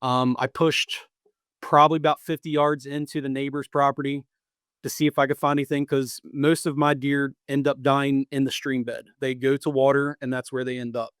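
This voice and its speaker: A man's voice: mid-range voice, level tone, moderate pace, fairly bright tone, smooth, no room sound, clean studio sound. A man in his thirties, a podcast co-host, casually telling a long hunting story with lots of restarts and repeats. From Pennsylvania or Maryland.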